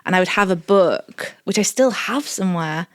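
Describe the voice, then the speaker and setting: A woman's voice: mid-range voice, lively intonation, moderate pace, no echo, studio quality. A woman comedian talking as a podcast guest, chatty and rambling with lots of fillers and restarts. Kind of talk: casual chat.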